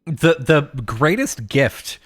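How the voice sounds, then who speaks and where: A man's voice: fairly high pitch, big pitch swings, takes it slowly, no room sound, clean studio sound, faint music behind. A man co-hosting a podcast in casual chat, laid-back, chuckling often and trailing off mid-thought. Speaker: podcast co-host.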